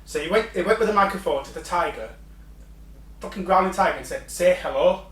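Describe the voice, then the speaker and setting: A man's voice: high voice, animated, fast talker, fairly bright tone, recorded from a distance. A man co-hosting a casual podcast, telling a story and swearing, acting out quotes. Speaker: podcast co-host. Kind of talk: casual chat. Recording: echoey room, set back from the mic.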